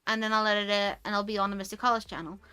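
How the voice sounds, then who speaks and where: A British woman chatting casually on a stream, animated and quick to rant, swearing freely. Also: mid-range voice, clean tone. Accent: British English. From United Kingdom. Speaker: VTuber streamer. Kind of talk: casual chat.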